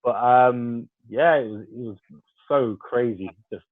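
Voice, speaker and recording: A man, a former footballer being interviewed, telling lively stories and acting out what others said to him. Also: medium pitch, measured pace. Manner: lively anecdotal storyteller, acts out dialogue. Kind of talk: casual storytelling interview. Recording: tinny phone-like line.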